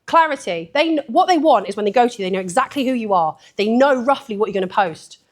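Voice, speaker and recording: A woman's voice: fairly high pitch, expressive, quick pace. A woman giving a blunt, sweary, chatty talk at a photography event, laughing often. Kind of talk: live conference talk.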